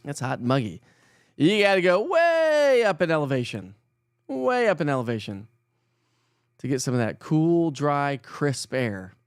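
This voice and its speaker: A man hosting a relaxed morning weather stream, chatting with viewers and poking fun at his own stumbles over words. His voice sits fairly high, and the sound is dry and close with no room echo. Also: a little slow, smooth. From Colorado. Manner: chatty, self-mocking, laughs often, stumbles over words. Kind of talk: casual live-stream chat reading viewer comments.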